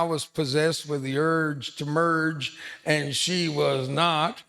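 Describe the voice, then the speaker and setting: A man's voice: fairly high pitch, steady tone, takes it slowly, pushed and bright. A man in his seventies, a veteran guest speaker telling stories to students in a school hall, full of self-deprecating jokes. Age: 70s. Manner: joking, self-deprecating storyteller. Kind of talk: storytelling speech to students.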